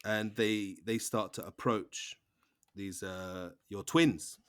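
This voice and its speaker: A man's voice: lowish voice, fairly even intonation, slow, fairly bright tone. A man narrating as game master, rambling with fillers and restarts. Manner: rambling, lots of fillers and restarts, laughs along.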